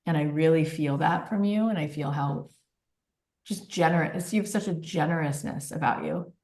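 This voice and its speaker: A woman with a low voice talks earnestly and warmly in casual conversation, gushing a little and leaning on fillers. Her voice rings with the echo of the room around her. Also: moderate pace. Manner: earnest and effusive, with frequent fillers. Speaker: guest, author and podcast host. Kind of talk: casual interview talk.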